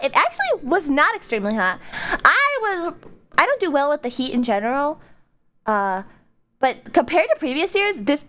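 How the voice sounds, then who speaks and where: A woman streamer chatting casually with her viewers, bubbly and rambling, with quick asides and giggles. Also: sits high. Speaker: VTuber streamer.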